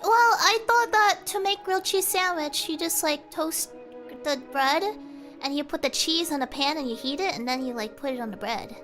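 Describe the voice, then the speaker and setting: A young woman streaming a casual watch-along, excitable and rambling, with frequent gasps. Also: high-pitched, moderate pace, faint music behind.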